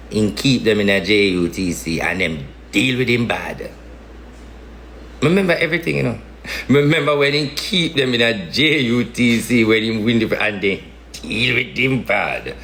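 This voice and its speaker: A man's voice: fairly low pitch, lively intonation, moderate pace, a bit bright, roomy sound, slight background noise. A man from Jamaica with a Jamaican Patois accent, giving a casual political rant with emphatic, repetitive, slangy talk. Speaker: political commentator.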